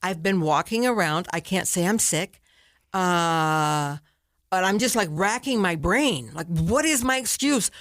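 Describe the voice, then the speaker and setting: A woman's voice: lowish voice, expressive, measured pace, a bit bright, no echo, clean studio sound. An older woman, a guest author, telling a personal story in an interview and acting out her own past thoughts.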